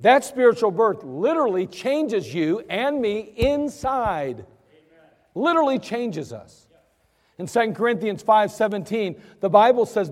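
Unhurried and full of big pitch swings, a pastor's high voice carries his emphatic sermon, in which he acts out quoted voices. Long reverb from the church sanctuary surrounds him.

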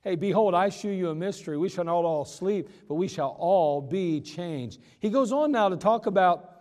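Male pastor, high voice, folksy sermon delivery with emphatic slowdowns, reverberant hall. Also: lively intonation, darkish tone.

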